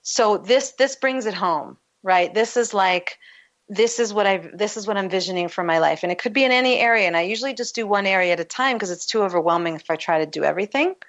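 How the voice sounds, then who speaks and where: A woman's voice: medium pitch, quick pace, fairly bright tone. A woman coach as a guest on a talk show, explaining with easy metaphors and laughing often. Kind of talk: casual interview talk. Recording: lo-fi muffled line.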